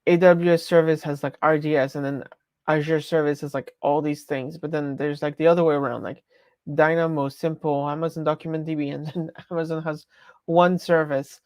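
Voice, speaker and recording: A woman's voice: low-pitched, steady tone, a little fast, a little mellow, no room sound. Chatty woman with a French accent. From France. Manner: rambling, chatty, self-interrupting. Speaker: live streamer. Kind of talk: casual live-stream chat.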